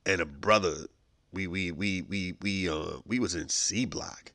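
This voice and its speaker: A man hosting a podcast who tells comic stories in an animated, slangy way and acts out the scenes. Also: low voice, unhurried, dry recording, studio quality. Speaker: podcast host. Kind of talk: comedic storytelling with acted voices.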